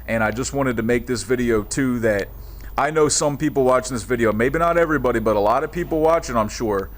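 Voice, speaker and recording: A young man vlogging in a casual monologue, heartfelt and profane, halting with many restarts. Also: mid-range voice.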